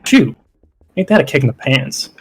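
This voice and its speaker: A man's voice: medium pitch, very animated, normal speed, husky, low-quality recording. A man voicing a cheerful tour-bus guide with a folksy, upbeat patter. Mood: chirpy.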